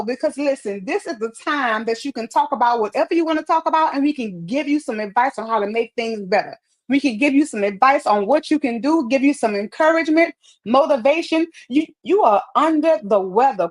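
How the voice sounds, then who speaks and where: A high-pitched woman is on a live stream, answering viewer comments with upbeat encouragement and often repeating phrases for emphasis. She speaks into a wireless earpiece, and the talk is motivational live-stream chat.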